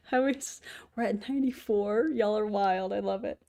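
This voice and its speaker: A woman's voice: mid-range voice, normal speed, warm tone. Woman host, casual stream chat, mid-range voice, affectionate cooing. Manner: chatty, often coos to her cat.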